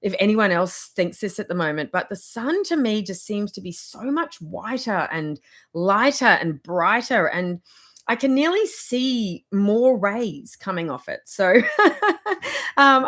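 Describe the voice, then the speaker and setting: A woman's voice: medium pitch, very animated, a little slow, a bit bright. A woman giving casual motivational advice in a vlog, rambling and chatty, with frequent laughs. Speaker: wellness vlogger.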